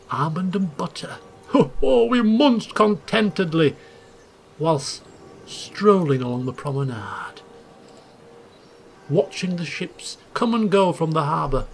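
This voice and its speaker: Animated high-voiced gamer reading aloud. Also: male voice, slight background noise. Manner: theatrical, chuckling, swings between hushed asides and loud exclaims. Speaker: let's play host. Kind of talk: reading game text aloud with playful commentary.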